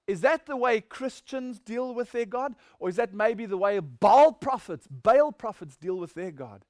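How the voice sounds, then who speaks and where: A man's voice: high voice, animated, a little slow, darkish tone, no room sound, studio quality. A man preaching a sermon, reading scripture and asking rhetorical questions with mocking asides.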